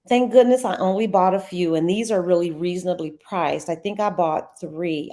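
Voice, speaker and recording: A middle-aged woman talks viewers through charts in a relaxed live session. Her voice sits a little low, and she chats easily, calling her audience "y'all" and laughing often. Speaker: trading educator hosting a live session. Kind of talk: casual live trading walkthrough.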